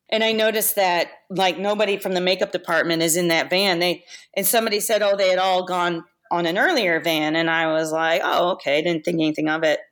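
A woman with a fairly low voice tells stories in a relaxed, conversational way. She keeps the telling lively and often breaks into laughter, as a makeup artist guest would when looking back on her work. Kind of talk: casual storytelling.

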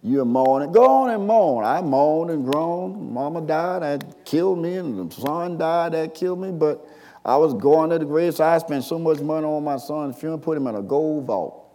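A man, preaching a sermon, swinging from quiet storytelling to shouted call-and-response. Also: on the high side, normal speed. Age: 60s.

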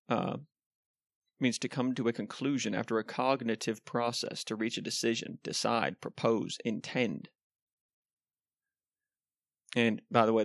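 A man's voice: medium pitch, dry recording. A man preaching a sermon in an earnest, conversational way, with frequent ums and asides.

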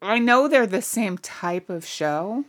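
A woman's voice: medium pitch, expressive, slow. A woman co-hosting a podcast in casual chat, often chiming in with short agreements. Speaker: podcast co-host.

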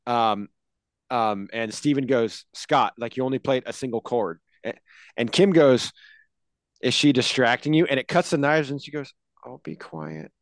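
A man's voice: mid-range voice, moderate pace, dry recording. A man chatting on a podcast, animatedly describing his favorite scenes. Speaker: podcast guest. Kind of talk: casual chat. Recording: dry close sound.

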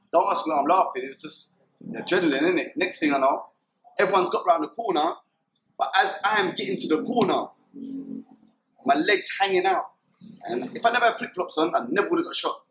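A young man with a London accent telling his story vividly, acting out shouts and sounds as he goes. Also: fairly high pitch, echoey room, a little hiss or hum, low-quality recording. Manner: vivid retelling, acts out shouts and gunshot sounds. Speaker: interviewee. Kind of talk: animated storytelling.

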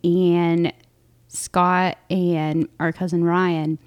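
A woman's voice: lowish voice, flat delivery, very slow, smooth, no echo. A young adult woman co-hosting a podcast, chatting casually and laughing often as she tells family stories. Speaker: podcast co-host. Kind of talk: casual chat.

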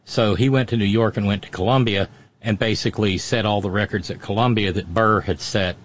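A man's voice: on the low side, fairly even intonation, brisk, dull audio, slight background noise. A man giving wry, storytelling commentary as a regular on a radio talk show, often restarting his sentences.

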